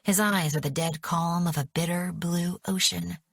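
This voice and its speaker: A woman narrating an audiobook in the first person, measured and dramatic. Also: lowish voice, steady tone, gravelly, breathy edge, no echo, clean studio sound.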